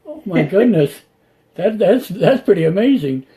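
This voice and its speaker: Guy hosting a call-in radio show, bit high and soft-toned, keeps going wow. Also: big pitch swings. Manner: encouraging, with frequent reactions and quick laughs. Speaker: radio host.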